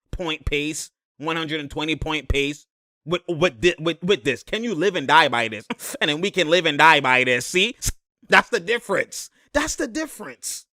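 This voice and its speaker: A young man giving a casual, slangy breakdown of basketball footage. He gets excitable and laughs a lot. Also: fairly high pitch, no room sound, studio quality. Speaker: basketball commentator.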